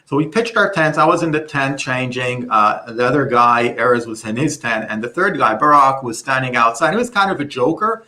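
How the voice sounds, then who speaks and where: A middle-aged man presenting a webinar, telling a story in an animated way with many restarts. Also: medium pitch, brisk, few pauses.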